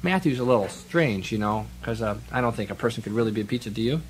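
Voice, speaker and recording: A man's voice: fairly low pitch, lively intonation, fast talker, a little hiss or hum. A man, a children's folk singer, chatting playfully and quizzing a young audience between songs in a radio studio. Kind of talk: live children's concert patter. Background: acoustic guitar.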